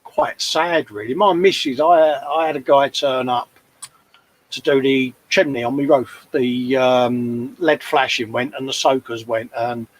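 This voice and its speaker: A man in his fifties with an East London accent co-hosts a model-building livestream, chatting casually and telling rambling anecdotes. His voice sits in the mid-range, and the recording is rough.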